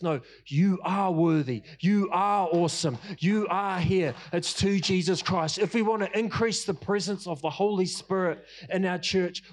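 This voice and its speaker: A man preaching a passionate sermon, repeating his lines for emphasis and using casual fillers. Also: high-pitched. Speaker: pastor.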